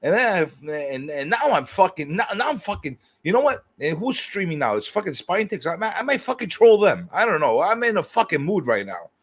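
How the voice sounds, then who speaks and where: A husky, high-voiced man hosts a livestream in full rant mode. He swears freely, stumbles over restarts and swings his pitch up and down as he hammers his point home. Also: big pitch swings, fairly quick, hardly any pauses, a bit bright. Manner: profane, fired-up, repeats himself as he rants. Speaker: livestream host.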